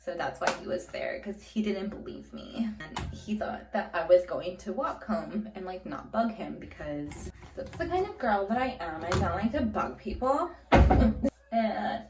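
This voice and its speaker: A woman in her thirties casually telling a personal story for her vlog, chatty and animated, with lots of "like". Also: medium pitch, a little slow. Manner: chatty, animated, heavy use of "like". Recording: roomy echo, faint music.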